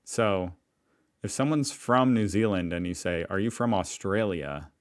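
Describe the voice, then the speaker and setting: A man's voice: low-pitched, a little slow. An American man from Indiana hosting a reaction video, joking casually. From Indiana, United States. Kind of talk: casual commentary.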